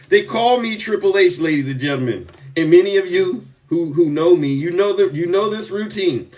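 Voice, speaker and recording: A man's voice: sits high, far from the mic. A man doing a casual live political rant as a TikTok commentator, sarcastic and emphatic, often repeating himself.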